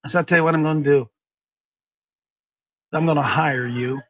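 Here a radio talk show host recounts a story casually yet earnestly, preaching a bit and repeating himself to drive points home. His voice is fairly high with even intonation and a moderate pace broken by long pauses, captured in a dry, dull lo-fi recording.

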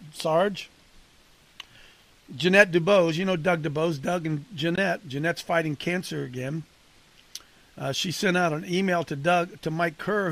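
A man's voice: on the high side, a bit bright. A man coaching and casually preaching to a men's group, conversational and punchy, calling on listeners by name.

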